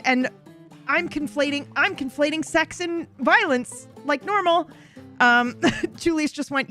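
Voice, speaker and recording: A woman's voice: sits high, measured pace, a bit bright, soft background music. A woman streamer recapping a roleplay story in a chatty, profane way, often interrupting herself.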